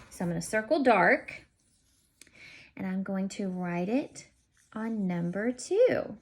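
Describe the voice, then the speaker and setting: Slow, lively woman teaching children. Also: mid-range voice. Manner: encouraging, singsong counting aloud. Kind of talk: recorded video lesson for children.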